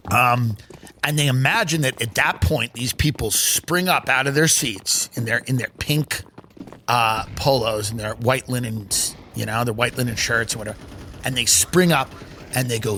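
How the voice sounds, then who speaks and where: A man's voice: normal speed, pushed and bright, slight background noise. A middle-aged man hosting a comedy podcast, riffing sarcastically, acting out mock dialogue and swearing freely. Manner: swears freely, big swings in pitch. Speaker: podcast host.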